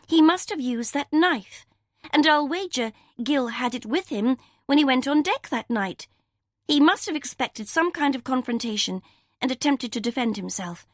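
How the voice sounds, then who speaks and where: A quick-witted young woman sleuth from an audiobook, as the reader puts her on. She reasons aloud eagerly in a voice a touch higher than the narration, recorded dry. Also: lively intonation, dry recording. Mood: earnest.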